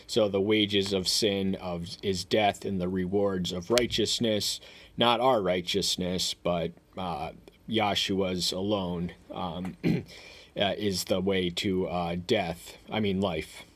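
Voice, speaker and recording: A man giving verse-by-verse Bible commentary, talking in a halting way with many fillers and restarts, and reading each verse aloud in a raised voice. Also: low voice, fairly even intonation. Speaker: Bible teacher.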